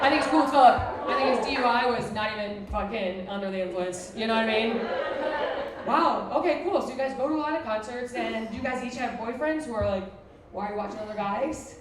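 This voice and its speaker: A woman's voice: a little high, heavy background noise. Brash young woman doing stand-up, roomy and distant. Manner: brash, crude and self-mocking, quick asides to the crowd. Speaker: stand-up comedian. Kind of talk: stand-up comedy with crowd work. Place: live comedy venue with a laughing audience. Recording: roomy live recording from a distance, crowd laughter.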